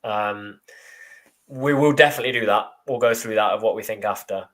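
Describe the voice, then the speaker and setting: Co-hosting a live football fan show, a man with a lowish voice talks fairly quickly in a casual, chatty way. He delivers dry, deadpan jokes and reads out comments from viewers.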